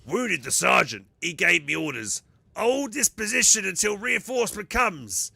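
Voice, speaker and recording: A man voicing a hulking, dim-witted male ogryn soldier, speaking slowly and simply while reading game dialogue aloud. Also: high voice, big pitch swings, creaky, bright, forceful tone, slightly rough, dry recording, voice pushed up, exaggerated voice. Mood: plodding. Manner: slow, simple, stubborn speech.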